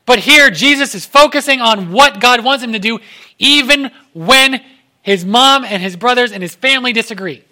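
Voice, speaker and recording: Lively, bright-voiced young male preacher. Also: very high voice, normal speed. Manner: animated, acts out quoted voices. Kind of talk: casual sermon.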